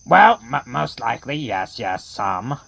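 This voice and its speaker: Gravelly, slow-talking woman horror host. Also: a bass voice, big pitch swings, a bit bright, dry recording, poor audio. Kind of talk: horror comedy radio play.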